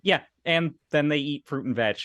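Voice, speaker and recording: A man hosting a podcast, chatting in a relaxed, casual way and sharing fun facts. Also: on the high side, normal speed, smooth, dry recording. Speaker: podcast host. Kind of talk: casual chat.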